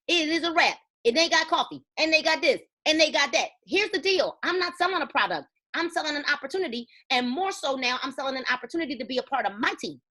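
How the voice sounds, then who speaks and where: A network marketing team leader gives a sales team a motivational talk, emphatic and preachy, telling stories with quoted dialogue. Her voice sits high and bright, with a forceful tone.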